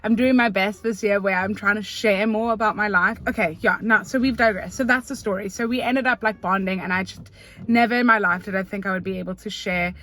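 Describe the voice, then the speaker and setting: Sitting in her parked car, a young South African vlogger speaks to the camera in a medium-pitched voice. She tells a story with lots of energy and chatter, sprinkling in slang and filler words.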